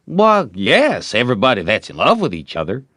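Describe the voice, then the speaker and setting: A man's voice: mid-range voice, huge pitch swings, a little fast, bright, forceful tone, dry recording, studio quality, voice pushed up, full character voice. A man voicing an eager, smitten young boy in an audiobook, talking in a coaxing, boastful way. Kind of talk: audiobook reading.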